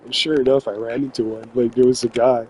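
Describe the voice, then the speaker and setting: A man from New Brunswick tells a story in loose, swearing-heavy chat, laughing often as he rambles. His voice sits at an ordinary middle pitch. A faint hum of background noise runs under it. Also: flat delivery, fast, a little mellow, rough recording. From New Brunswick, Canada. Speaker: gaming vlogger telling a story. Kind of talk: casual storytelling.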